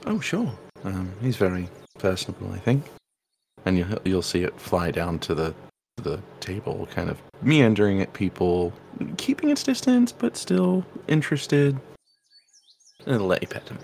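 A young man speaks low and gravelly while he plays his character at a tabletop game. He hesitates, fills gaps with ums and laughs, and a faint hiss of background noise sits under his voice. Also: big pitch swings, moderate pace, a little mellow. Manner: hesitant, laughing, many fillers. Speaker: tabletop player.

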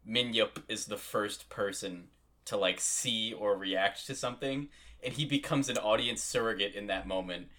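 A man's voice: fairly low pitch, normal speed, sharp tone. A man co-hosting a casual chat, playful and fond of dramatic, theatrical wording. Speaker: podcast co-host.

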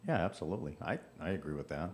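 A man's voice: very deep voice, animated, very fast. A man co-hosting a podcast, talking in an agreeable, rambling way with frequent restarts. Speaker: podcast co-host. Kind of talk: casual podcast conversation.

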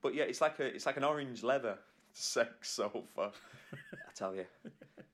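A man's voice: mid-range voice, unhurried. A man co-hosting a podcast from the UK, chatting and telling jokey stories with plenty of laughs. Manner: jokey, animated, laughing storyteller. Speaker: podcast co-host. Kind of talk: casual chat.

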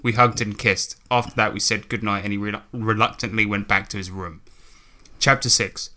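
Sharp, bright-toned man, podcast co-host, reading mockingly and ad-libbing asides. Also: fairly low pitch, steady tone, moderate pace. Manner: reads with mock emphasis, breaks off into laughter and asides. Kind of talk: comic dramatic reading.

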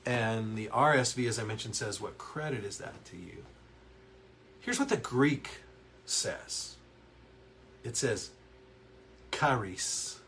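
A man teaches an online Bible lesson from his counseling office, in an even, middle-pitched voice. He talks with earnest energy and answers viewers' comments as he goes. A faint hum of the room sits behind him. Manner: earnest, animated, reads verses aloud and reacts to typed comments.

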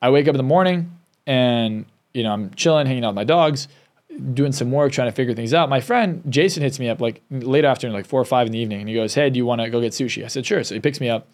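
A man's voice: medium pitch, fast, a little mellow. A man, a success coach and hypnotist, telling a candid, emotional personal story as a podcast guest, often restarting his sentences.

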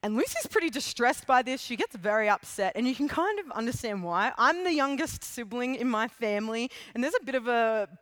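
A woman's voice: a little high, brisk, few pauses, no echo. Casual young woman preaching a story sermon. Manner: casual, animated storytelling with asides.

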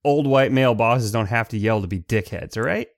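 A man's voice: medium pitch, a little fast, no room sound, studio quality. A man co-hosting a podcast who argues his point with plenty of swearing. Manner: argumentative, profane. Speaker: podcast co-host. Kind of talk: casual recap chat.

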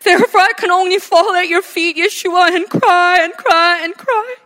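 A woman's voice: extremely high pitch, normal speed, a bit bright. A woman pastor preaching a sermon with impassioned delivery, repeating phrases for emphasis, in a church sanctuary. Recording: long reverb of a church hall.

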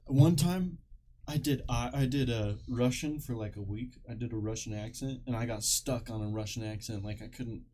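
A man's voice: mid-range voice, moderate pace, dark tone, a little hiss or hum. A man co-hosting a casual podcast, rambling and swearing as he tells stories. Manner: swears freely, rambling storytelling. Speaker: podcast co-host.

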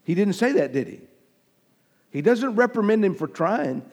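A man's voice: sits high, big pitch swings, normal speed, breathy edge. Preaching man with a raised voice in a reverberant hall. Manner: emphatic preaching, rising and falling in volume, acting out quoted speech. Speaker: pastor. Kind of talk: sermon.

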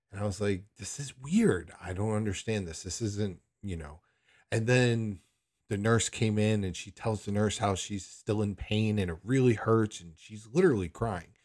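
A man's voice: lowish voice, a little mellow. A man telling a personal story in a candid, rambling way, often questioning himself. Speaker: son recounting a hospital visit.

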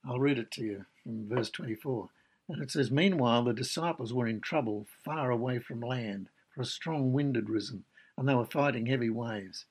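A man delivers a sermon in a husky, slightly breathy voice. He talks in an earnest, explanatory way, unpacking scripture and reading passages aloud to his listeners. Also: medium pitch, darkish tone, poor audio. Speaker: preacher.

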